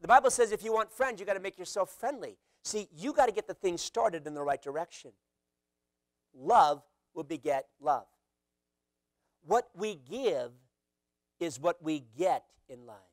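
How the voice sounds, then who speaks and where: A man preaching a sermon as pastor, animated, acting out quotes with sudden loud shouts. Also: high-pitched, a little slow, no echo, clean studio sound.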